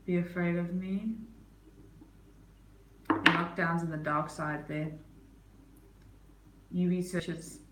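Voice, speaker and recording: A woman's voice: fairly low pitch, little pitch movement, slow, pauses often, echoey room, noisy background. A woman casually chatting on her livestream, reading chat aloud and teasing viewers, with an accent that is not American. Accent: non-American. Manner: playful, teasing, laughs often. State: has a headache.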